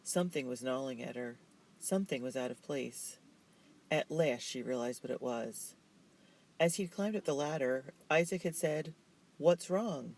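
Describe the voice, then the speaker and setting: A man narrating a children's novel in a steady, measured way. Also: mid-range voice, poor audio. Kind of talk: reading a children's novel aloud.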